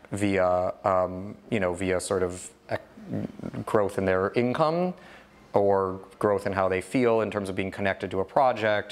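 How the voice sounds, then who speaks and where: A man in his thirties giving an informal, candid talk about startups, rambling with many restarts. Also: deep voice. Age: 30s. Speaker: guest speaker, entrepreneur.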